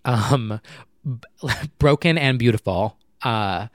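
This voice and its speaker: A man's voice: medium pitch, slow pace, no echo, studio quality. A man hosting a casual solo podcast chat, rambling with lots of fillers and poking fun at himself. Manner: rambling, filler-heavy and self-mocking. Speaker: podcast host. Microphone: home recorder.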